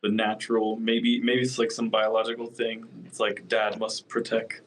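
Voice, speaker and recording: A man's voice: lowish voice, completely flat delivery, normal speed, fairly bright tone, a little hiss or hum, rough recording. A man co-hosting a podcast in casual chat, joking and laughing often. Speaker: podcast co-host.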